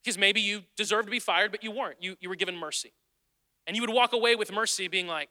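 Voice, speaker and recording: A pastor delivers a sermon in a church sanctuary, speaking quickly in an earnest, conversational manner and returning to the same phrases to drive them home. His high, very bright voice is followed by a long reverb that echoes each line through the hall.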